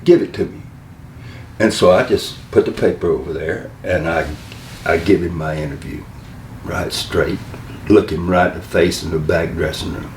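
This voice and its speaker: A man's voice: low voice, moderate pace. An older man, a guest in an interview, telling rambling, folksy stories about his career and often starting his sentences over. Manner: rambling, folksy, with many restarts. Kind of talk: storytelling interview. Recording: distant, echoey room with faint hum.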